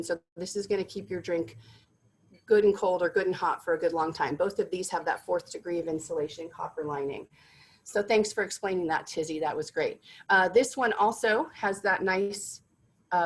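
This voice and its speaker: Upbeat lady showing off water bottles for a gift company, gushes about everything, middle pitch. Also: breathy edge, poor audio. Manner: enthusiastic, gushing about products. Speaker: corporate gift sales presenter. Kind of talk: product demonstration.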